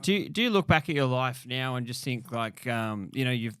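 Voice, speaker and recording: Laid-back podcast host. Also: male voice, medium pitch, fairly quick, smooth, no room sound, clean studio sound. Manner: relaxed, prompting questions with fillers. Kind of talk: casual interview.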